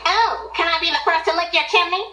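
A woman's voice: very high-pitched, quick pace, very noisy. An actress playing a nerdy, goofy teen girl with a nasal put-on geek voice in a sitcom clip. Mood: goofy, pestering. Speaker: sitcom character. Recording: roomy TV clip audio.

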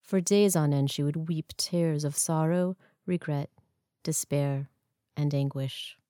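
A woman narrating a story in a measured, even storytelling manner. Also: deep voice, no room sound. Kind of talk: scripted narration. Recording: dry close studio sound.

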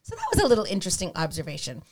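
A woman's voice: lowish voice, huge pitch swings, very fast, darkish tone. A middle-aged woman co-hosting a casual chat about hymns, explaining poetry in an earnest, explanatory way. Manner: explanatory, reads notes aloud. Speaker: podcast co-host.

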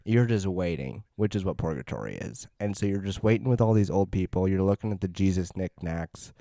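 A man's voice: sits low, animated, fairly quick, vocal fry, warm tone, no echo, studio quality. A man co-hosting a podcast, chatting casually and ranting with comic, profane exaggeration. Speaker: podcast co-host. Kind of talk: casual chat.

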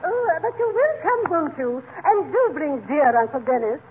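An actress playing an affected, gushing high-society lady in a 1940s radio comedy. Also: big pitch swings, moderate pace. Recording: tinny old radio broadcast with faint hiss.

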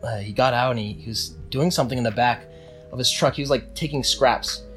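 A man's voice: medium pitch, a little fast, fairly bright tone, faint music behind. A young man casually telling a long story with many restarts, acting out what people said. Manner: rambling with restarts, acts out quotes.

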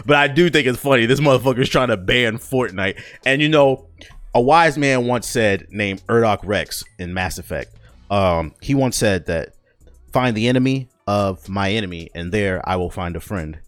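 Profane rambling podcast host, low voice. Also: male voice, expressive, normal speed, dry recording. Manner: profane, joking, rambling with restarts. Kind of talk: casual solo podcast rant.

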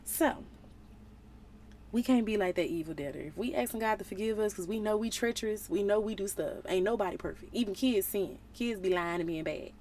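A young woman leading a casual Bible study, reading scripture aloud and retelling it in playful, slangy, animated asides. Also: medium pitch, a little fast, a little hiss or hum. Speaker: relationship vlogger.

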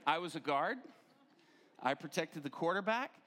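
Lively, high-voiced man preaching with humor. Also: normal speed. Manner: animated, acts out quoted voices. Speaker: pastor. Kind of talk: humorous sermon storytelling.

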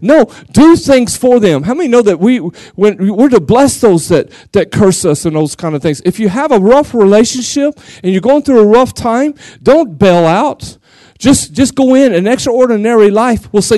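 Male pastor, West Texas accent, high pitch, playful preaching, dry sound. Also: normal speed, no room sound. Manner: animated, jokey, laughs often, acts out quotes. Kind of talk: lively sermon.

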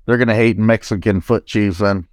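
A man's voice: lowish voice, steady tone, normal speed, no room sound, clean studio sound. A man co-hosting a casual podcast, chiming in with short wry asides.

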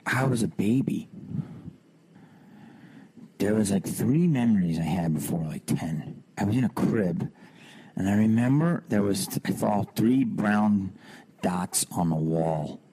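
A man in his thirties hosting a podcast, telling personal stories in an animated way, swearing freely and climbing high on rhetorical questions. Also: a little slow, long pauses, a little hiss or hum. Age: 30s. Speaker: podcast host. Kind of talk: personal storytelling monologue.

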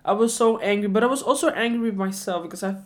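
A woman's voice: medium pitch, fast talker. A woman in her twenties telling a personal story in a reflective way, often repeating questions to herself. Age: 20s. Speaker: vlogger.

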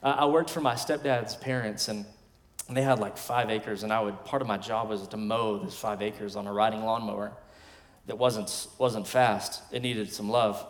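A man in his thirties, a pastor, preaching a sermon in emphatic bursts with quiet asides between. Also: fairly low pitch, fairly even intonation, moderate pace. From West Texas. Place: large church sanctuary. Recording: long hall reverb from a church sanctuary.

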